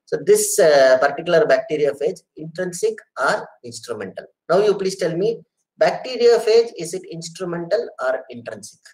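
A middle-aged man from India gives an earnest online lecture with audience questions, repeating his phrases and calling listeners sir and madam. His voice is fairly high, animated and a little mellow at a moderate pace, though the audio is poor.

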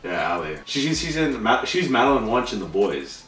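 A young man co-hosting a trailer reaction, chatting casually, excitable and swearing, his voice jumping up when worked up. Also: lowish voice, moderate pace. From Canada. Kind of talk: casual chat. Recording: echoey room, distant mic, faint music.

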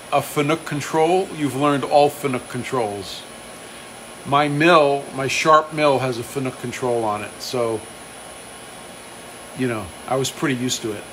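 A man's voice: mid-range voice, fairly bright tone, a little hiss or hum, low-quality recording. A man talking casually through a machining demonstration on a live stream, reading out viewer comments as he works. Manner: casual, chatty, reads out viewer comments, self-deprecating. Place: machine shop. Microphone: phone live stream.

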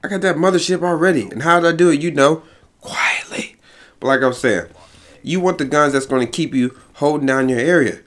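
Male gaming host, slightly high voice, brash slang-heavy play-by-play, quick to laugh. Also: fairly bright tone. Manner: boastful, hype, slang-heavy, laughs often. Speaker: gaming YouTuber. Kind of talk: energetic gameplay commentary. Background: faint background music.

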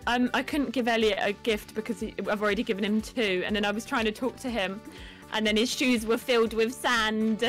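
A woman's voice: on the high side, fairly even intonation, a little fast, soft background music, rough recording. A woman chatting casually while playing a co-op game, easygoing and polite. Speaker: co-op game player. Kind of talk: casual gaming chat.

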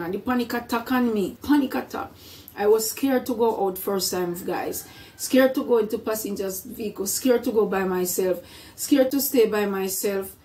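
A woman's voice: on the high side, moderate pace, darkish tone. A middle-aged woman shares her story in a casual vlog. She speaks earnestly, often repeats words, and brings in her faith. Her voice sounds a little distant from the microphone. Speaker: vlogger.

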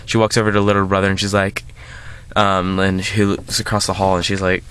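A man's voice: low-pitched, little pitch movement, a little fast, fairly bright tone, a little hiss or hum. A man hosting a casual movie review, rambling with lots of filler words and restarts.

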